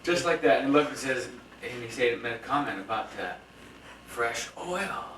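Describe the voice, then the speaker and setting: Here a man of medium pitch, speaking at a normal speed with lively intonation, spins a long birthday-roast tale full of laughter, fillers, and false starts. The party-room recording comes from a distant home camcorder, so there's echo and crowd noise.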